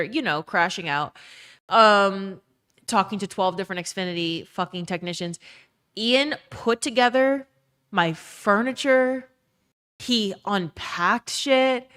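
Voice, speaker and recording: A young woman streams casual chat from her emptied-out bedroom, swearing freely as she rants and reads viewers' messages aloud. She speaks slowly in a mid-range voice that is fairly bright and clean in tone.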